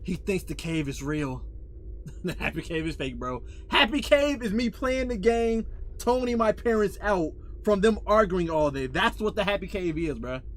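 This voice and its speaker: A young man streaming a game from his room on a headset mic, chatting in slangy casual commentary and yelling loudly at the scares. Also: high-pitched, expressive, moderate pace, a little hiss or hum. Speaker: gaming streamer. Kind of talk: casual live gameplay commentary.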